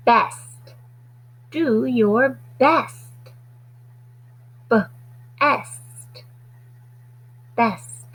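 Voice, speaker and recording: A woman teaching a phonics lesson to children, stretching out sounds slowly and deliberately. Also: fairly high pitch, husky, rough recording.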